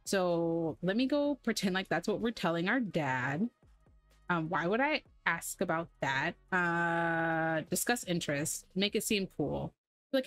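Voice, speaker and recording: A woman's voice: on the low side, expressive, a little slow, fairly bright tone, dry recording, faint music behind. A woman hosting a gaming channel, giving chatty, sarcastic, easily exasperated commentary while she plays. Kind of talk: casual gameplay commentary.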